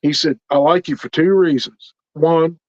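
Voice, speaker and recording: In casual conversation, a middle-aged interview guest shares his experiences at a moderate pace, his voice fairly high. He animatedly voices the other people in each story, quoting their dialogue. The recording is dry, dull, and lo-fi.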